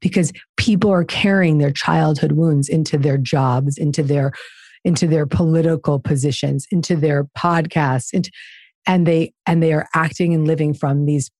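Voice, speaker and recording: A woman's voice: deep voice, steady tone, moderate pace, a little mellow, no echo, studio quality. A woman guest author talking in an interview, emphatic and preachy in her delivery. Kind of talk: conversational interview.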